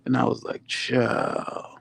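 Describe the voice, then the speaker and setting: Gravelly-voiced man telling a story. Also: medium pitch, normal speed, darkish tone, no echo. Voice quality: dramatic, chatty, acts out quotes. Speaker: vlog host. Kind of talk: casual storytelling to viewers.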